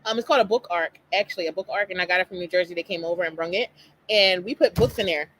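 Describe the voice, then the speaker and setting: Middle-aged woman, live-stream talk host, fast and emphatic delivery. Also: on the low side, a little hiss or hum, low-quality recording. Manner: animated, emphatic, talks straight to listeners. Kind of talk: casual motivational talk.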